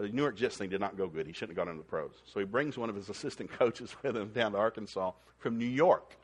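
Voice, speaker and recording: A man preaching a sermon in a folksy storytelling manner, acting out the people in his stories. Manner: folksy, animated, acts out characters in a shouting high voice.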